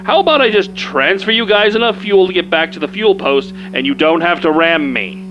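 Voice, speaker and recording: A man voicing a calm, reasonable male space detective in a hobby audio drama. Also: sits high, fairly quick, highs cut off, over music. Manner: calm, reasonable, lightly sarcastic. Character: male space detective, easygoing, rule-minded.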